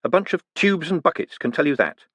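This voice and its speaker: Quick-witted con man, read by a male narrator, wry and teasing, dry close sound, storybook. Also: on the high side, lively intonation, a bit bright, slightly rough, no room sound, voice pushed up.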